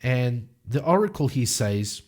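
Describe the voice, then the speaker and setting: A man narrating his solo tabletop game, telling the story in a lively way and acting out scenes. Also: mid-range voice, unhurried.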